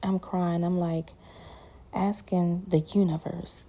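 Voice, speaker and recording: A woman's voice: lowish voice, steady tone, slow pace, creaky, dark tone. A woman giving an earnest personal faith testimony to her viewers, emphatic and repeating her phrases. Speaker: christian content creator.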